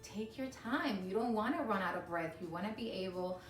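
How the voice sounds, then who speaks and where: A woman's voice: medium pitch, animated, brisk. A woman co-hosting a faith-based marriage chat, speaking emphatically and acting out her own inner thoughts. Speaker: co-host of a marriage ministry show. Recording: roomy sound, mic at a distance, soft music.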